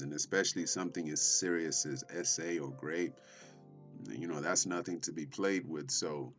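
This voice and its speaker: A man hosting a reaction commentary, measured and questioning, repeating points for emphasis. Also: sits low, a bit bright. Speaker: commentary host.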